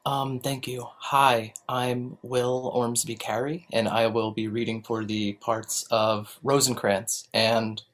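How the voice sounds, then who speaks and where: A man actor introducing himself politely and in a measured way. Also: medium pitch, level tone, a bit bright. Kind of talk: casual introduction.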